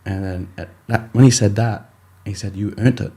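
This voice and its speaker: A young Australian man with a low, warm voice tells his story in a relaxed interview. He rambles through fillers and restarts and slips into his coach's voice when quoting him. The delivery stays easy-going and conversational. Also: moderate pace. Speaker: rugby league player, podcast guest.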